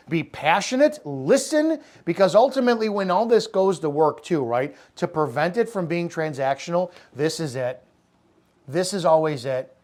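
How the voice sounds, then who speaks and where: A man's voice: on the high side, a little mellow. Blunt, profane male sales coach. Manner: blunt and profane, acting out sales calls in character. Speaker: network marketing sales coach. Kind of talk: unscripted motivational talk.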